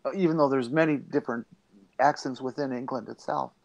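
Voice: medium pitch, brisk, gravelly, darkish tone, muffled recording. A speaker in a casual group conversation who explains things thoughtfully.

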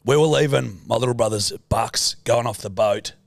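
A man's voice: mid-range voice, moderate pace, vocal fry, no room sound, studio quality. A young Australian man co-hosting a podcast, telling a rambling anecdote in casual chat and swearing a lot. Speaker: podcast co-host.

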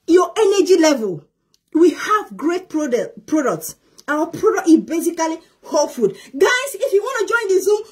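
Shrieking, overjoyed woman with a very high voice. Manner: shrieking, exuberant, repetitive; laughs often while talking. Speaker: network marketer. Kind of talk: excited promotional live video.

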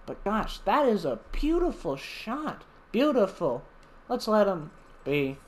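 A man's voice: high-pitched, big pitch swings, takes it slowly. Chatty man narrating a game playfully. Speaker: gaming channel host. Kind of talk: casual gameplay commentary.

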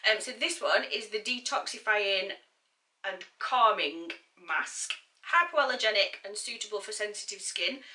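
A woman's voice: medium pitch, bright, forceful tone, distant mic. A young woman with a bubbly, gushing manner, chatting through a beauty haul as a vlogger. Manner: bubbly, gushing, quick asides. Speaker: beauty YouTuber.

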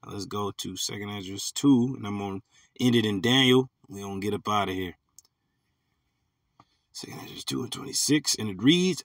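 A man teaching from scripture, reading verses slowly and then commenting in casual slang. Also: lowish voice, vocal fry, no echo. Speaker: preacher.

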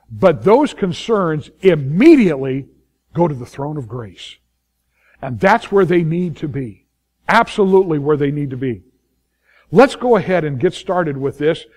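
Pastor guy preaching, fairly high voice, hammers on phrases and repeats them, voices what worried folks think. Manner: emphatic, repeats key phrases, acts out inner voices. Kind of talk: sermon.

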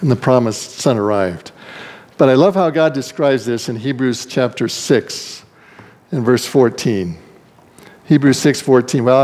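This pastor's sermon is lively, animated storytelling in which he performs the characters himself. Whenever he voices them, his pitch leaps upward in big swings.

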